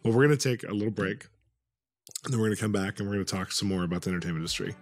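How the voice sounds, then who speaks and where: A man hosting a casual interview, playful and quick to laugh, with lively bursts of excitement. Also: lowish voice. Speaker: host.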